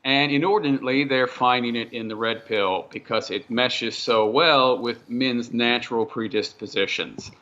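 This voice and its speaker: A man who is a podcast guest lays out his ideas in a steady, lecturing way. His tone is bright and forceful. The audio is dull and lo-fi, like a remote call. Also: medium pitch. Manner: measured, lecturing. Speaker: guest, channel host. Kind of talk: casual podcast chat.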